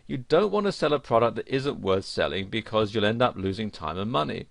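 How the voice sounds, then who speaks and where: A man's voice: fairly low pitch, lively intonation, brisk, creaky, no room sound. A man narrating an online course lesson, giving earnest, direct advice to learners.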